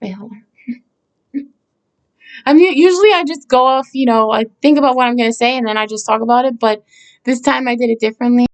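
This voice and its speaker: Speaking with a fairly high, smooth voice, a woman talks informally about a song she wrote. She goes a little fast but leaves long pauses, searching for words through many fillers and restarts, and stays reflective and earnest with brief laughs.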